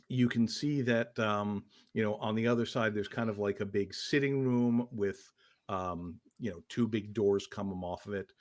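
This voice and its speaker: Low-voiced man running a tabletop game. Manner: halting, many ums and uhs. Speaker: game master.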